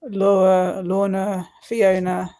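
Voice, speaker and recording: A woman's voice: mid-range voice, little pitch movement, slow, dark tone. A woman chatting casually on a livestream, friendly and talkative, repeating words as she searches for them.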